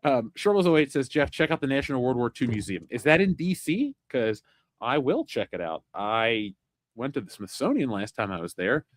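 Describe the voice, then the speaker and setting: A man's voice: medium pitch, animated, moderate pace. A man hosting a pop culture chat show, reading viewer comments and teasing his co-host with frequent laughter. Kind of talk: casual chat.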